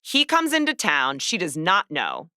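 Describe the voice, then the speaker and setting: A woman hosts a casual podcast chat, picking apart a movie with sarcastic, animated storytelling. Her voice is bright and forward, recorded close and dry. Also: on the low side, a little slow, clean tone, no echo. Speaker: podcast host.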